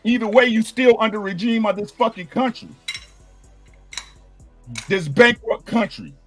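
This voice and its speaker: A man's voice: high-pitched, a little slow, soft background music. A man ranting heatedly and profanely in a political debate on an online panel.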